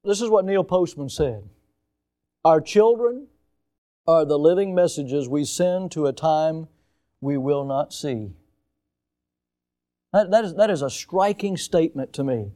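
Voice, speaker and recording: An older man, a pastor, preaching a sermon with emphatic rises and sudden quiet drops. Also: a little high, expressive, measured pace, long pauses.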